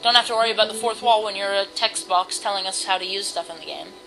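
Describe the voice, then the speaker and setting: A woman's voice: mid-range voice, fast talker, gravelly, background noise. A woman giving casual, jokey commentary while playing a video game. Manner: chatty, jokey, self-mocking. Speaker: let's play commentator. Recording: loud game music behind.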